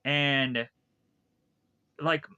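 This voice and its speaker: A man's voice: medium pitch, steady tone, extremely slow, sharp tone, clear, resonant tone, lo-fi sound. A man casually retelling a film's plot for a review, rambling with lots of fillers and restarts. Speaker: film reviewer.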